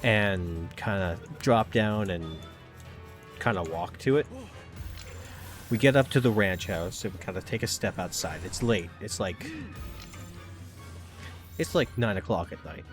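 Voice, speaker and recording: Low-voiced man rambling through a game recap. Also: unhurried, pauses often, soft background music. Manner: rambling, lots of "kinda" and "like". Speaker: gaming channel host. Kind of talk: casual storytelling recap of a tabletop session.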